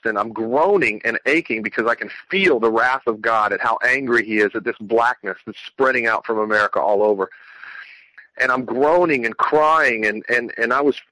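Earnest man telling a testimony, bright voice. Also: medium pitch, no echo, poor audio. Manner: rambling, earnest storytelling with many restarts. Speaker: Christian speaker sharing testimony. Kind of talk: emotional personal testimony.

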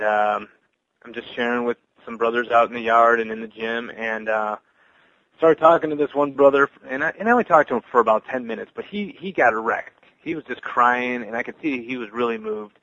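A man's voice: mid-range voice, fairly bright tone, no room sound, lo-fi sound. A man on a podcast giving an earnest personal testimony, stumbling and restarting his words with many fillers. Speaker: podcast guest sharing testimony.

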